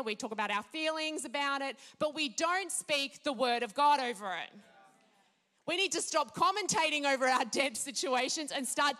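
A woman preaching a sermon, declaring scripture with emphatic, measured pauses. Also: sits high, sharp tone.

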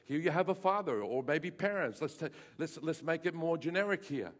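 A male pastor preaching a lively sermon to his congregation, with playful asides and bursts of raised voice. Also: fairly high pitch, a little fast. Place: church hall with congregation.

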